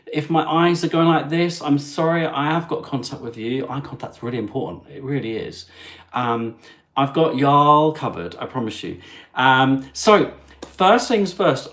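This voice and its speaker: A man hosting his travel livestream, chatting in a cheeky, jokey way with asides to viewers. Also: medium pitch. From England. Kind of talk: chatty live stream.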